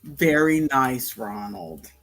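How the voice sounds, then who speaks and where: A man in his fifties hosts a casual livestream, chatting with viewers and thinking aloud over a crossword. His medium-pitched voice is creaky and a bit bright, and he takes it slowly. He uses a headset with headphones, with soft music in the background.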